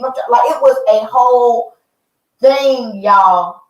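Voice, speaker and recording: A woman's voice: a little high, slow. Chatty woman vlogger in an echoey room. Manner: animated, chatty, addresses viewers as y'all and honey. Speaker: reality TV review vlogger. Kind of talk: casual chat. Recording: roomy, mic at a distance.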